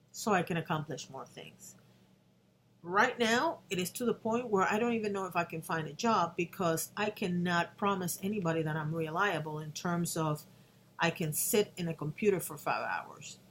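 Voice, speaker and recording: Earnest low-voiced woman in her fifties. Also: slight background noise. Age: 50s. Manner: earnest, with restarts, emotional at times. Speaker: vlogger. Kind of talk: personal vlog talk to camera.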